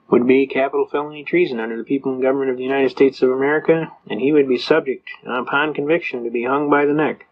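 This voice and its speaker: An older man speaking to an audience, folksy and storytelling, acting out the voices of people he quotes. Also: medium pitch. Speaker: speaker on constitutional law. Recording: slightly dull lo-fi recording.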